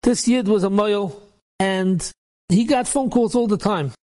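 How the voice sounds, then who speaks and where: A man's voice: high-pitched, a little slow, a little mellow. Rabbi telling a story, man. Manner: casual, repetitive retelling peppered with Yiddish and Hebrew words.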